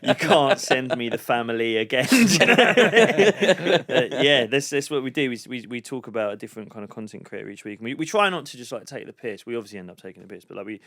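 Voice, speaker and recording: A man's voice: mid-range voice, quick pace. A man, a guest comedian, chatting casually on a podcast, telling sweary stories and acting out quotes. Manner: animated storytelling, sweary, acts out quotes.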